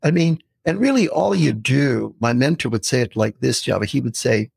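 A man in his sixties, a podcast guest, telling lively stories and acting out quotes in casual talk. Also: mid-range voice, brisk, gravelly, breathy edge, dry recording, clean studio sound. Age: 60s. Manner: storytelling, lively, animated quotes.

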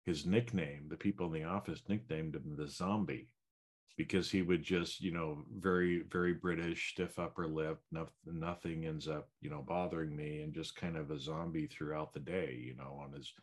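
A man's voice: very deep voice, fairly even intonation, normal speed. A man co-hosting a podcast, musing in a reflective, rambling way with many fillers. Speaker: podcast co-host. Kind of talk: casual chat.

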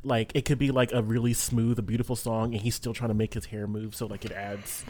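A man co-hosting a tabletop role-playing podcast in casual, animated chat with gossipy asides. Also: fairly low pitch, brisk. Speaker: podcast co-host and player.

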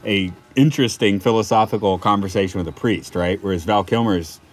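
A man from Atlanta chats casually as a podcast co-host, in a fairly low voice. He rambles through his stories and keeps stopping to correct himself. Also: fairly quick. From Atlanta, United States. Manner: rambling, self-correcting storyteller. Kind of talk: casual chat.

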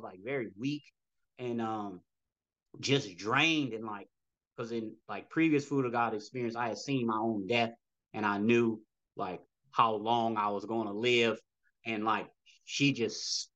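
A man's voice: medium pitch, moderate pace, fairly bright tone, highs cut off. A man telling a personal story as a podcast guest, rambling and acting out dialogue with frequent "you know" asides.

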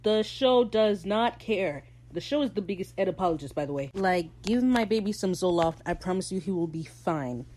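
A woman's voice: medium pitch, expressive, a little mellow, a little hiss or hum, low-quality recording. Opinionated woman ranting over a show recap. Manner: opinionated, ranting, slips into quick character voices. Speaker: podcast host. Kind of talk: casual TV episode recap.

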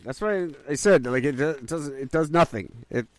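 A man's voice: fairly high pitch, expressive, normal speed, no room sound. A man co-hosting a casual podcast chat, rambling and self-mocking. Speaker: podcast co-host.

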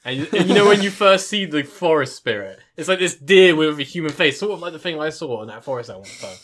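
A young man co-hosting a podcast, excitable and laughing often, swearing casually as he talks. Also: on the high side, quick pace. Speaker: podcast co-host.

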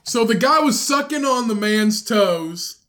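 A man's voice: very high-pitched, expressive, a little slow, pushed and bright. A man co-hosting a crude casual podcast, laughing often and reading a news story aloud. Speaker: podcast co-host.

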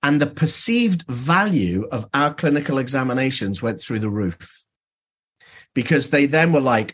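A dentist being interviewed on a podcast, telling stories in an animated way and acting out dialogue. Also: male voice, mid-range voice, moderate pace, slightly rough.

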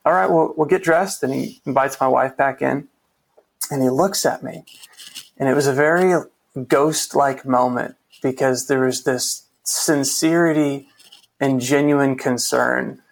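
A man's voice: mid-range voice, fairly even intonation, measured pace, creaky. A man guest in a conversation, telling a personal story in an earnest, reflective way, often restarting his sentences. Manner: earnest, reflective, with frequent restarts and quoted dialogue. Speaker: interview guest.

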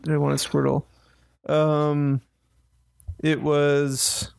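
A man hosting a casual group chat, reading out questions slowly with frequent fillers and pauses. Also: fairly high pitch, monotone, gravelly, darkish tone, clear, resonant tone, dry recording. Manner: slow, halting, with frequent fillers. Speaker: podcast host reading questions.

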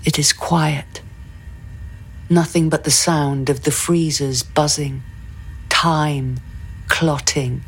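A woman's voice: low voice, steady tone, takes it slowly, slightly rough, exaggerated voice. A woman actor delivering a scripted first-person dramatic monologue in an intimate, brooding way.

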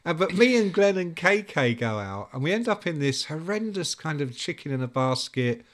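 Casting note: chatty male storyteller, slightly higher voice, acts out quotes. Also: very animated, moderate pace. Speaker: guest recalling music journalism days. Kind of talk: casual storytelling chat.

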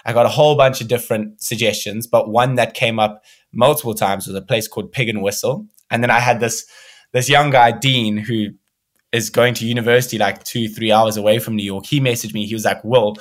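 Young guy chatting in an interview, lively storyteller, acts out the dialogue. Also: mid-range voice, brisk. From South Africa. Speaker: musician guest. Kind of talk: casual interview chat.

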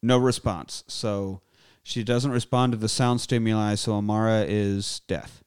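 A man hosting a casual movie recap, animated and swearing freely as he retells the plot. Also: fairly low pitch, measured pace, clear, resonant tone. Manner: profane, animated and ranting.

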